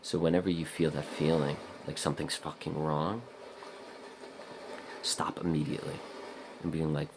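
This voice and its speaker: A man's voice: level tone, normal speed, pauses often, noisy background. A man vlogging in a casual, rambling monologue, blunt and profane, talking straight to the viewer and acting out his own inner voice. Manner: acts out his own inner voice in a higher, louder pitch.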